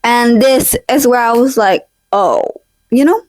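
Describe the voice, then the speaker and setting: Chatty high-voiced young woman storyteller. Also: measured pace, a little mellow, no room sound. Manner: chatty, slangy, mixes in Spanish phrases. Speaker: podcast vlog host. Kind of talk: casual storytelling chat. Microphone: handheld or desk mic, drifts off it. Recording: poor home recording.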